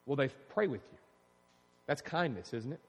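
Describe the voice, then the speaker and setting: A male pastor preaching a sermon, animated and emphatic, calling out to his congregation. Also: medium pitch, moderate pace, slightly rough. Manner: animated, preaching with rising emphasis and audience call-outs. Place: church sanctuary. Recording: long reverb in a large hall.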